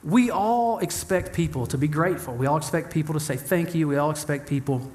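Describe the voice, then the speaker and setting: A young adult man preaching a sermon in an animated, humorous way, acting out the voices of the people he quotes. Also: on the high side, a little fast. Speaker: pastor.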